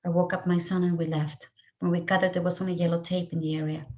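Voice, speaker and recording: Speaking quickly in a lowish, mellow voice with a level tone, a middle-aged woman raised in Mexico shares her own story of loss with students. She comes across as earnest and emotional, her voice swelling and dipping with feeling.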